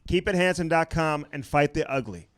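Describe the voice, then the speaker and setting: A man's voice: on the high side, expressive, moderate pace, no room sound, studio quality. A man co-hosting a podcast, joking around and reading sponsor plugs in a casual, salesy way. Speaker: podcast co-host. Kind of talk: casual chat with live ad reads.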